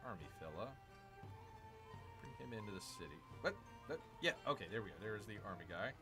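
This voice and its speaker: A gaming streamer with a medium-pitched voice plays a strategy game live, commentating and reading chat. He's excitable, full of exclamations, and calls his viewers "people."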